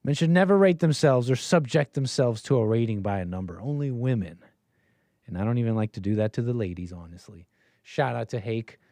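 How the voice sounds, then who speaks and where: A man's voice: medium pitch, animated, brisk, warm tone, no echo. A man hosting a live stream, reacting to a video clip in casual, sarcastic and rambling commentary that often repeats itself.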